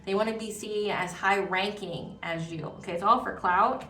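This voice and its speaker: Woman doing a tarot reading, bright voice, rambly and emphatic, roomy echo, kinda far from the mic. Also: medium pitch, fairly even intonation, normal speed. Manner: rambling, emphatic, repeats words, many fillers. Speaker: tarot reader. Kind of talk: casual spiritual tarot reading. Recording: echoey room, voice off-mic.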